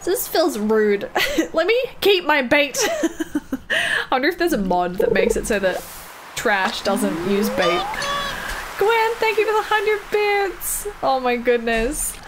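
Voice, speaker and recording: A woman's voice: fairly high pitch, very animated, unhurried. Woman streamer, chatty and giggly, bouncy voice, noisy background. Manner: chatty, laughs often, talks to chat. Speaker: game streamer. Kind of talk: casual live-stream chat while gaming.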